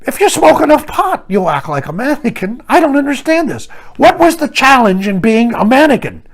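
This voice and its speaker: A man's voice: big pitch swings, moderate pace, creaky. An older man giving a blunt, sarcastic opinion monologue to camera, scoffing at the year's trends. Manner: mocking voices of others in raised pitch. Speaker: commentary vlogger.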